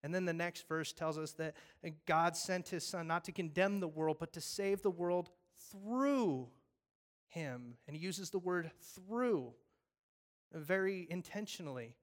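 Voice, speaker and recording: A man's voice: high-pitched, unhurried. A male pastor preaching a casual, conversational sermon that recaps scripture and jokes along the way. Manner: animated storytelling, acting out voices; conversational, jokey asides.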